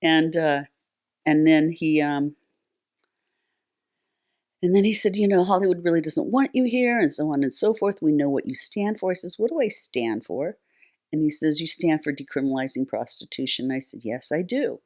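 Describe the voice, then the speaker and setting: With a deep, darkish voice and lively intonation, an older woman talks at a normal pace. As a nonprofit founder on a talk show, she tells long stories chattily, filling them with fillers and restarts.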